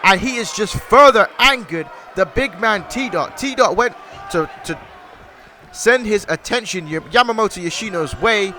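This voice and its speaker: A man giving excited play-by-play commentary on a video game wrestling match, shouting at the big moves and talking to the folks watching. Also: high voice, unhurried. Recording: loud game music and crowd noise behind. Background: video game wrestling crowd and music.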